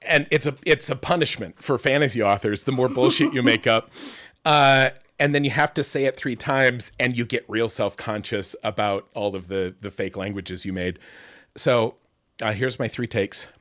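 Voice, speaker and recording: A man's voice: medium pitch, normal speed, fairly bright tone. A middle-aged man hosting an online interview, rambling and self-deprecating, swearing freely and laughing often, close on a studio mic. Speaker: host. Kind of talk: casual interview chat. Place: home streaming setup.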